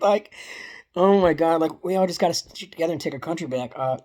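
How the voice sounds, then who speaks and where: Woman, low voice, profane, repetitive vlog ranter. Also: a little fast, darkish tone. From Canada. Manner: heated, profane, repetitive, with many restarts. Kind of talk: casual political rant vlog.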